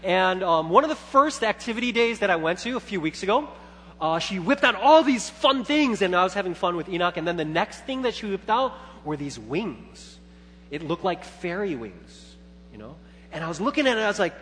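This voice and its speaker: A man in his thirties preaches to his congregation in a high, bright voice. He moves from quiet reflection to loud, animated storytelling, acting out his own thoughts. His voice rings through a reverberant church hall over a faint hum. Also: brisk. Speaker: pastor. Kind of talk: sermon.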